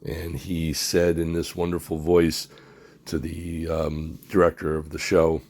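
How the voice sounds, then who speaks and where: Deep gravelly man, halting and sad. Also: completely flat delivery, noisy background. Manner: halting, many fillers, grieving. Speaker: comic artist and director, channel host. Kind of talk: personal tribute vlog.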